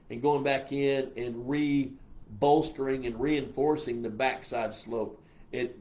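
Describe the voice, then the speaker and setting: A man's voice: medium pitch, darkish tone. Folksy older Texan man, rambling. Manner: folksy, rambling, reads comments aloud. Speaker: host answering viewer questions. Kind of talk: casual live-stream chat.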